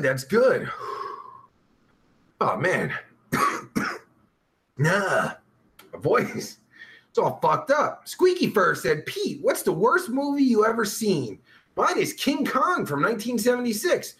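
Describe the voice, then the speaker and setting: A man's voice: high voice, fairly bright tone. A man hosting a live stream, chatting casually with a crude, blunt, profane manner. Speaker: live-stream host reading viewer questions. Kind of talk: casual chat.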